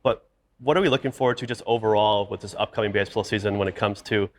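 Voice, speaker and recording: A man's voice: on the low side, quick pace. A man, a sports reporter hosting a podcast, asking interview questions in a conversational way with hesitant fillers.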